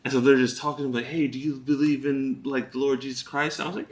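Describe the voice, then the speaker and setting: A man's voice: medium pitch, fast talker, few pauses, sharp tone, echoey room, slight background noise. A man co-hosting a podcast watch party, telling a story with lots of laughter and acted-out quotes in casual chat. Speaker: podcast co-host.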